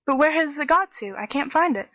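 A woman's voice: high voice, expressive, fairly quick, fairly bright tone, dry recording, lo-fi sound, voice pushed up. A woman voicing a clever, cheeky young man in a storybook reading, in a raised, pert voice. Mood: feigned sadness. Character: clever young male hero, cheeky and bold.

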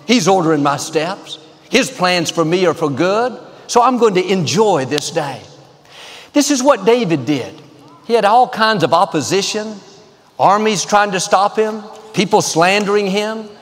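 High-voiced upbeat male pastor. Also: animated, measured pace, in a large hall. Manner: upbeat, emphatic preaching with told jokes. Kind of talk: televised sermon.

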